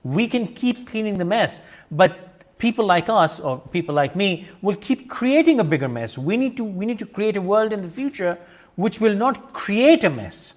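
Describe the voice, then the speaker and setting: A man's voice: sits high, animated, moderate pace. A middle-aged man from Pakistan, hosting a discussion and arguing his point in an emphatic, insistent way. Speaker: host. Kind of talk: video-call discussion.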